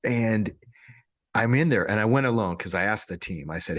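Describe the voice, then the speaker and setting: A man co-hosting a podcast, telling a story in a casual, animated way, often laughing and restarting his sentences. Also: lowish voice, moderate pace, no room sound, clean studio sound. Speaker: podcast co-host.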